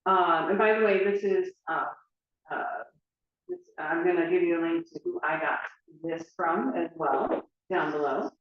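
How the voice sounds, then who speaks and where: A woman teaching dance talks in a lowish, unhurried voice, chatty and full of fillers, explaining through everyday examples. She is far from the mic in an echoey room, and the sound is dull and lo-fi.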